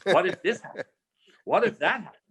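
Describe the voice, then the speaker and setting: A man's voice: high-pitched, animated, a little fast, vocal fry, a bit bright, slightly rough. An older man guest from Southern California telling a story in a podcast interview, acting out the voices he quotes and restarting his phrases often.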